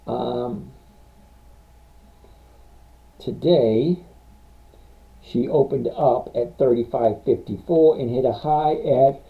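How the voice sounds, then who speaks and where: A man's voice: medium pitch, takes it slowly, pauses often. A man hosting a casual live stream, answering viewer questions about stocks and reading figures off charts in a blunt, rambling way. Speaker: livestream stock trading host. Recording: tinny phone-like sound.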